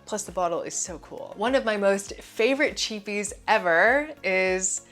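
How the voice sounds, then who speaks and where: A woman hosts a casual fragrance review with an eager, chatty delivery. She often drops in "like" as a filler. Her voice sits at a middle pitch, with soft music playing faintly behind her. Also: normal speed. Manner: enthusiastic, chatty, uses "like" as filler. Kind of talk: casual product review to camera.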